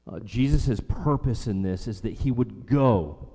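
A man preaching a sermon earnestly, repeating phrases for emphasis and slowing down on key lines. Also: mid-range voice, animated, gravelly, mellow. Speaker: pastor. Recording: long hall reverb.

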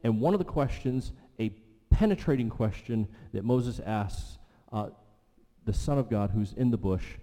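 A male pastor preaching a sermon, telling the story vividly and dropping his voice low for emphasis. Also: normal speed, warm tone. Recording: long hall reverb.

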